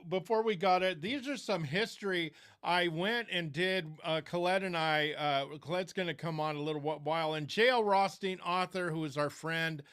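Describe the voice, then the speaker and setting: A man's voice: on the high side, normal speed, hardly any pauses, fairly bright tone, clean tone. A man hosting a casual interview, affable and chatty. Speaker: host, lawyer.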